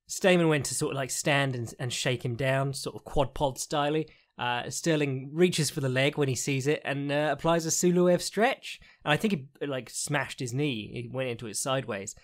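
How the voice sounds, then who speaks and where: A man's voice: medium pitch, a bit bright. A man hosting a podcast, recapping fights in a rambling, frank way with lots of fillers, the odd swear and laughs. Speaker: podcast host, fight analyst. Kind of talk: casual solo commentary recap.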